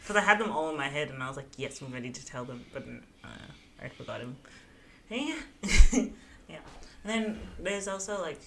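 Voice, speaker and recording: A woman's voice: low voice, very animated, moderate pace, fairly bright tone, slight background noise. A young woman co-hosting a podcast in casual chat, rambling with lots of fillers and giggles. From Australia. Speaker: podcast co-host.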